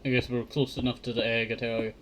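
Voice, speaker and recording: A man's voice: medium pitch, level tone, quick pace, a crowd in the background. A man streaming a survival game, counting blocks under his breath and chatting to himself. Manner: mutters counts under his breath, flares up in annoyance at mobs. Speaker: Minecraft streamer. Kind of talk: casual gameplay commentary. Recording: clear keyboard clicks behind the voice.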